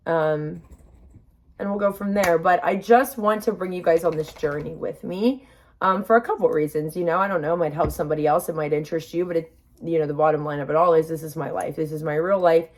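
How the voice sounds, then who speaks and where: Young woman vlogger, mouth numb from the dentist, talks chatty and upbeat, reassuring herself. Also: on the low side. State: numb-mouthed after dental work, emotional. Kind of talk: casual vlog to camera.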